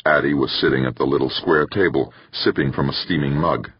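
A man narrating a science-fiction audiobook in a measured, even storytelling manner. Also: very deep voice, dull audio, slight background noise. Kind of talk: scripted narration.

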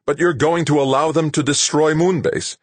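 A man's voice: a little high, wildly swooping pitch, measured pace, slightly rough, no echo, voice pushed up, heavily acted. A man voicing an imperious middle-aged corporate chairman who talks in a demanding, harsh, snapping way. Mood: angry.

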